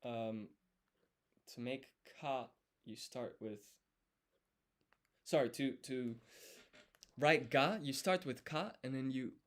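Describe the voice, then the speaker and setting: A man works through a study session out loud, explaining each step as he writes. His pitch sits in an ordinary middle range, and he talks deliberately, stopping often to correct himself. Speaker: language learner streaming his study. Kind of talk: thinking-aloud study session.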